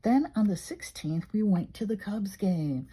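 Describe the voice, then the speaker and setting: A woman's voice: mid-range voice, expressive, a little slow, mellow, breathy edge. An older woman from Illinois chatting casually and emotionally as she flips through her journal. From Illinois, USA. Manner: rambling, emotional, conversational. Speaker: journaling vlogger.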